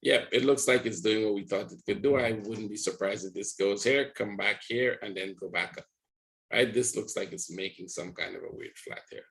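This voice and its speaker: Low-voiced man talking through charts. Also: moderate pace, vocal fry, a bit bright, rough recording. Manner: rambling, talks to viewers with frequent "right?". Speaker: trading educator. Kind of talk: live chart walkthrough.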